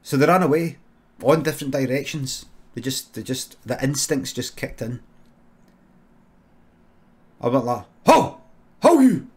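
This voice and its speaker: A Scottish man spinning an improvised comic story from a home streaming setup. His delivery is deadpan and full of swearing, with sudden loud shouted bits, at a pitch that sits in the middle for a man. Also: measured pace, long pauses.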